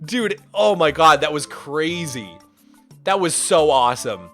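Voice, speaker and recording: A man streaming and telling a story in a casual, rambling way, animated and full of "like" and restarts. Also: fairly high pitch, unhurried, soft background music. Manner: animated, rambling, repeats himself, lots of "like".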